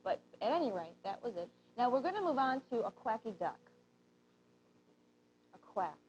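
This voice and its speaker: A woman co-host chats on air in a slightly high voice and tells a long story, acting out the lines people said. The sound is dull and lo-fi, like an old TV broadcast. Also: big pitch swings, normal speed, a little mellow, a little hiss or hum. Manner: chatty storyteller who acts out quoted lines. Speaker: shopping channel co-host. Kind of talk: casual on-air chat.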